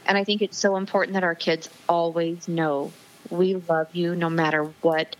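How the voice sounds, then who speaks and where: A woman's voice: lowish voice, little pitch movement, normal speed. Earnest woman telling her story by phone. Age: 40s. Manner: earnest, emotional storytelling with frequent ums. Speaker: guest. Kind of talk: personal testimony in interview. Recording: dull lo-fi phone audio.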